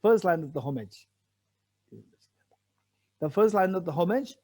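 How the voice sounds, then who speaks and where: A man's voice: high voice, lively intonation, a little slow, dark tone. A man giving a Buddhist teaching, explaining a text patiently. He repeats key phrases and asks rhetorical questions. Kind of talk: teaching a sutra commentary.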